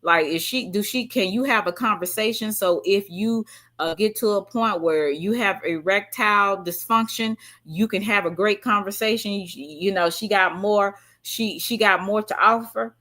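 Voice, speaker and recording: Bright-voiced woman chatting on a livestream. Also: medium pitch, moderate pace. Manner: chatty and animated, with frequent fillers and slang. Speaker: livestream host. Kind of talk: casual livestream chat reading viewer comments.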